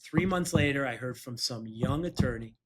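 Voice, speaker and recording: A man's voice: mid-range voice, moderate pace, slightly rough. A man who is a personal injury attorney co-hosting a podcast, telling an anecdote casually, chuckling through it and acting out the voices of people he quotes.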